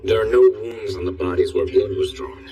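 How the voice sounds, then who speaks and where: An actor voicing a calm, analytical male student who talks in a measured, reasoning way, in an anime dub. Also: on the low side, lightly acted. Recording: distant voice with music.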